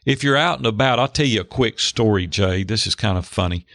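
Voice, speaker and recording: A middle-aged man telling a candid, animated personal story as a guest in a faith-based talk. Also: fairly low pitch, a little fast, dry recording, studio quality. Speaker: podcast guest.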